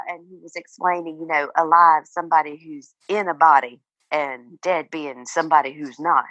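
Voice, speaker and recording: A woman's voice: sits low, fairly even intonation, normal speed, hardly any pauses, a bit bright, dry recording, lo-fi sound. A middle-aged woman, a guest on an interview show, talking casually with many fillers and restarts and frequent laughs. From Virginia, United States. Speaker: guest author.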